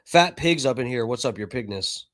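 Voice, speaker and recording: A man's voice: mid-range voice, expressive, normal speed, a bit bright. A man hosting a live stream, chatting casually and swearing freely as he talks to his viewers. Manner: chatty, profane, talks to chat. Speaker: livestream host.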